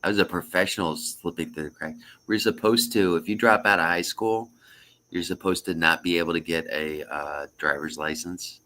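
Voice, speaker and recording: Deep-voiced man chatting on a stream. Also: fairly even intonation, moderate pace, bright, forceful tone. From Florida. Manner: rambling storyteller, tells a joke with duck voices. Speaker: live stream host. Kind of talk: casual chat on a live stream.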